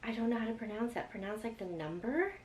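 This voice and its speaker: A young woman vlogger chatting excitedly through an unboxing, emotional and full of fillers. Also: a little high, quick pace. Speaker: lifestyle vlogger. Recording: echoey room with faint ambience.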